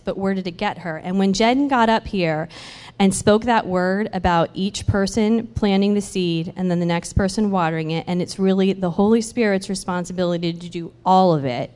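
A woman telling a church congregation a testimony, acting out the people in her story with lively storytelling. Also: lowish voice. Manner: animated, acts out the other people in her story. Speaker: church member sharing a testimony. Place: church sanctuary. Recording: church hall reverb.

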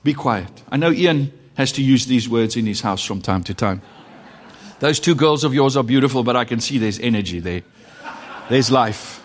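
Middle-aged South African male pastor, animated preaching with dramatic pauses, in a reverberant hall. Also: medium pitch, slight background noise. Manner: animated, dramatic pauses, swings from loud to hushed. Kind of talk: sermon.

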